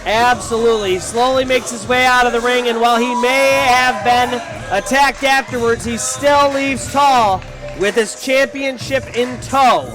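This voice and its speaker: A male play-by-play commentator calling a wrestling show, often shouting his calls. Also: very high voice, steady tone, moderate pace. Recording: commentary over loud arena crowd and music.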